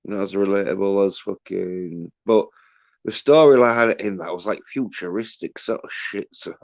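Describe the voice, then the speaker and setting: A man's voice: low voice, moderate pace, gravelly, no echo, lo-fi sound. A man hosting a livestream, ranting in a rambling, profane way with many fillers and restarts. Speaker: livestream host.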